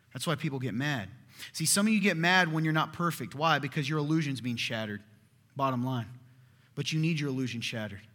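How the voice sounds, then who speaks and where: A man's voice: on the high side, a bit bright. A man in his thirties preaching a sermon as pastor, in a conversational way, often checking in with "right?". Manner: conversational, keeps asking "right?". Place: church hall. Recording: echoey hall.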